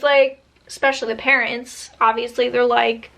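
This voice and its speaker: A woman telling a spooky story in a casual, chatty storytime style, tossing in slangy asides to her viewers. Her voice sits high and sounds bright and sharp. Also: moderate pace, few pauses.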